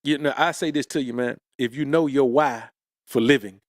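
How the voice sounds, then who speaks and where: Birmingham man, Southern accent, motivational co-host, mid-pitched, dead-dry mic. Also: moderate pace, no echo. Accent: Southern US, Alabama. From Birmingham, Alabama. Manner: motivational, says bruh and man often. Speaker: podcast co-host. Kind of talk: casual chat.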